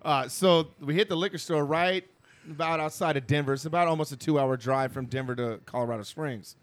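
A man's voice: fairly high pitch, brisk, dry recording. A man casually telling a rowdy story to friends, swearing a lot, acting out voices and laughing as he goes. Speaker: podcast co-host telling a story.

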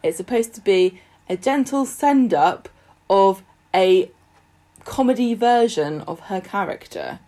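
A woman's voice: mid-range voice, expressive, measured pace, dark tone. A woman co-hosting a podcast, chatting casually and earnestly while joking about the show. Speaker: podcast co-host. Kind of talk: casual chat.

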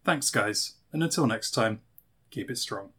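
A man's voice: on the low side, animated, unhurried, pushed and bright, husky. A man reading a scripted wrestling review in a dry, opinionated way.

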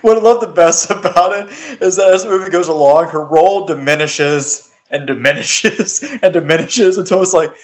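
A man's voice: sits high, normal speed, hardly any pauses, slight background noise. A man casually chatting about a movie with a co-host, adding trivia and laughing. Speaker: podcast co-host. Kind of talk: casual movie recap chat.

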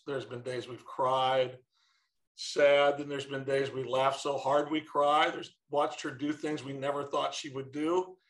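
A middle-aged man, a former baseball manager, telling stories in a casual interview and quoting his kids in lively bursts. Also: a little high, echoey room, poor audio.

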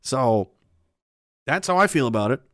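A man's voice: medium pitch, lively intonation, moderate pace, fairly bright tone, no echo, clean studio sound. A man delivering a heated, profane opinion rant, emphatic and rambling, with restarts and asides.

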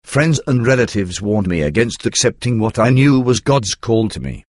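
A man narrating a first-person memoir in a measured, earnest storytelling manner. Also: fairly low pitch, very animated, darkish tone, no echo, studio quality.

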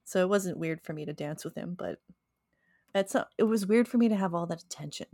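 A young woman with a slightly low voice, chatting casually as a podcast co-host. She tells stories in a loose, chatty way and often breaks into laughter. The recording is close and dry. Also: fairly quick, dark tone, no room sound. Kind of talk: casual chat.

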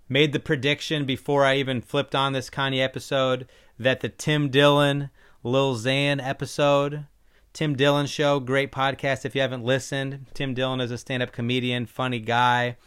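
A man with a smooth, resonant voice talks alone on his podcast. His commentary is loose and opinionated, full of ums and restarts, and he sits right at a middle pitch for a man. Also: level tone, measured pace, fairly bright tone. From Iowa. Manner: opinionated, rambling, frequent ums. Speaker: podcast host. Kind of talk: casual solo podcast commentary.

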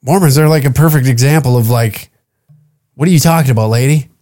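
A man's voice: mid-range voice, fairly quick, warm tone. A man hosting a podcast, ranting in a profane, mocking, incredulous tone as he reacts to a clip. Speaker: podcast host. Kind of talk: comedic reaction rant.

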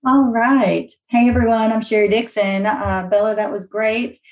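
A woman from the American Midwest introducing herself in a relaxed, chatty way with some fillers. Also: fairly high pitch, normal speed. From United States (Iowa). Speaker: guest co-author. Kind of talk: casual introduction.

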